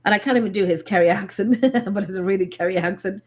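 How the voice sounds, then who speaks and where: Excitable Irish woman, animated chat. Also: medium pitch, fast talker. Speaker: paranormal investigator host. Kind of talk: casual chat.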